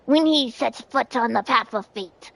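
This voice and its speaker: A woman voicing a solemn male cactus warrior who chronicles events, in a slow, odd storytelling voice while playing a game on stream. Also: fairly high pitch, vocal fry, low-quality recording.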